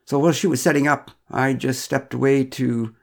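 A man's voice: medium pitch, fairly even intonation, moderate pace, creaky, pitched above the performer's own voice, natural voice. A man voicing a flustered middle-aged father who is out of breath, stammering and making defensive excuses.

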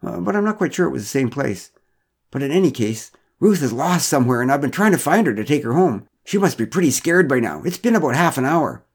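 A man's voice: mid-range voice, very animated, a little fast, creaky, husky, voice pushed up, heavily acted. A man voicing a flustered middle-aged father who is out of breath, stammering and making defensive excuses.

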